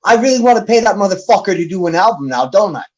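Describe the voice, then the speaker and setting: High-voiced man ranting angrily. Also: lively intonation, fast, a little mellow, highs cut off. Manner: angry, profane, calling someone out. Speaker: battle rap league host. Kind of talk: heated livestream rant.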